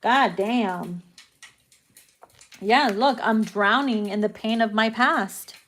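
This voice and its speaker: Slow-talking brash tarot-reading woman. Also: fairly high pitch, fairly bright tone. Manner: brash, profane and laughing a lot. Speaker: tarot reader.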